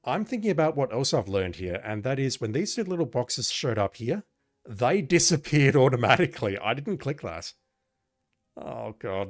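A man's voice: medium pitch, big pitch swings, moderate pace, faint music behind. A man playing through an old adventure game, reading its text aloud with wry, self-deprecating asides. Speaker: let's play gamer.

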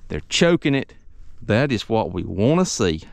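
A man, a fishing charter captain talking through his catch on a boat outdoors, excitable and repeating himself. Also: lowish voice, normal speed, gravelly, no echo. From Gulf Coast of the United States. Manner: excitable, drawling, repeats phrases. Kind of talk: fishing vlog commentary.

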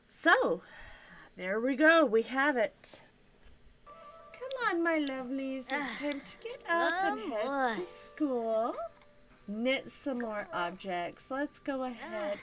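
Woman vlogger commenting on her game, high voice, lively swings, unhurried, music behind. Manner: effusive, doting, exclamatory. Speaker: gaming vlogger.

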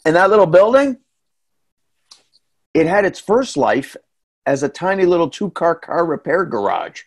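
A man's voice: a little high, sing-song, unhurried. Chatty New England man telling stories. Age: middle-aged. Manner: chatty, folksy storyteller with tag questions and asides. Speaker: storytelling reporter and guest speaker. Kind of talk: casual anecdotal talk.

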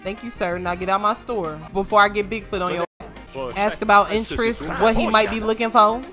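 A woman giving casual let's-play commentary, animated and joking, swearing freely and scolding the characters on screen. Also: mid-range voice, brisk, music in the background. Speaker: gaming streamer.

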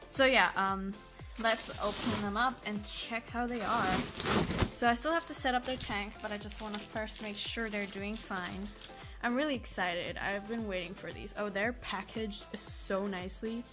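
A woman's voice: mid-range voice, steady tone, normal speed, over music. A sleep-deprived, exhausted woman vlogging an unboxing on her phone at home, chatty and a bit apologetic. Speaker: pet vlogger. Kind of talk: casual unboxing vlog. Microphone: phone camera.

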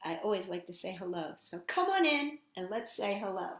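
A woman hosting a children's storytime, reading poems and singing greetings in a gentle, animated way. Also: medium pitch, fairly quick. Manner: gentle and animated, talking to young kids. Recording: echoey room with guitar. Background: guitar strumming.

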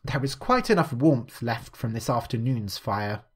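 A man's voice: medium pitch, sing-song, measured pace, breathy edge. A man voicing a curt, cold older housekeeper in a storybook reading. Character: stern older Victorian housekeeper woman.

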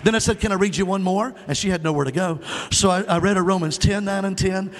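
An older man with a drawl preaches in a church, his fairly high voice trailing into a long hall reverb. He tells his story in a folksy way and keeps calling on the congregation to answer back. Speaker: guest preacher, evangelist. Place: church sanctuary.

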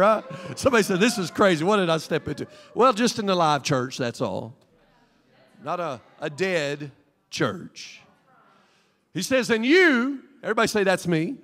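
A middle-aged man, the pastor, preaching a Pentecostal sermon in a folksy, animated way with homely asides. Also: high-pitched. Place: church sanctuary. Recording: long hall reverb.

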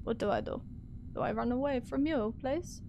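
Jumpy throughout her horror playthrough, a woman streamer narrates to herself, cursing and screaming whenever something scares her. She sounds a little high and gravelly at a normal pace, over background noise.

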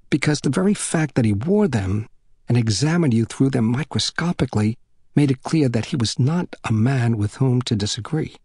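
Brief: male audiobook narrator, steady delivery, dry close recording. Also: medium pitch, breathy edge, dry recording.

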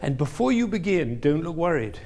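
A man's voice: fairly high pitch, very animated, a little fast, darkish tone. Older man coaching, singing out phrases. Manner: sings phrases aloud, coaxing and playful. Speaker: music teacher leading an interpretation class. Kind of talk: masterclass coaching.

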